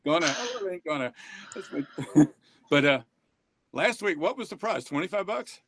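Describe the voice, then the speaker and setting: A man's voice: fairly high pitch, lively intonation, moderate pace, a bit bright. An older man, co-hosting a casual webinar about reading in a folksy, joking way and laughing often. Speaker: reading program author and co-host.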